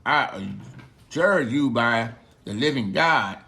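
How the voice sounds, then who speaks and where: Bible story: man doing a stern, formal high priest, a touch lower and quieter. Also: expressive, takes it slowly. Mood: demanding. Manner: demanding, formal.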